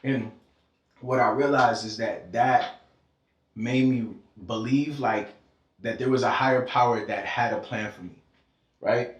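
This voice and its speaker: A man's voice: mid-range voice, unhurried, pauses often. Fervent man, echoey and far from the mic. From Georgia, US. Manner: fervent, preachy, swears freely. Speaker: podcast guest. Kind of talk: casual heart-to-heart conversation. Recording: echoey room, distant mic.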